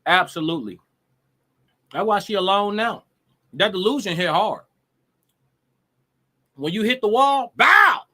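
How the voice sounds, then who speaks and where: A man's voice: sits high, expressive, unhurried, pauses often, fairly bright tone. A man hosting a live show, reacting to clips with blunt, profane, mocking commentary and frequent restarts.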